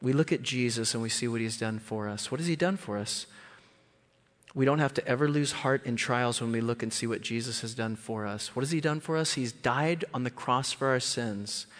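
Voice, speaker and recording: Guy preaching in a church, really animated, voice booming around a big hall. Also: normal speed. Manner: animated, acts out quoted voices with big pitch jumps. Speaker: guest preacher. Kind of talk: sermon. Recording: long hall reverb.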